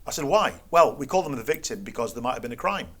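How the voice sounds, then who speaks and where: A man's voice: mid-range voice, expressive, fast. A middle-aged man, a guest telling a story in conversation and acting out the quoted exchanges with an incredulous, wry tone.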